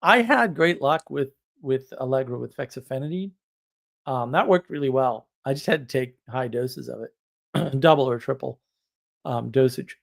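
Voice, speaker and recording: A man's voice: medium pitch, moderate pace, vocal fry. A man hosting a live stream, chatting casually in a rambling way and laughing at his own stories. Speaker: livestream host.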